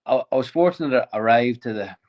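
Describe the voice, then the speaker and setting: A man, a podcast guest telling a lively story, often chuckling and restarting sentences. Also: medium pitch, quick pace, muffled recording. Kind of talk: casual storytelling.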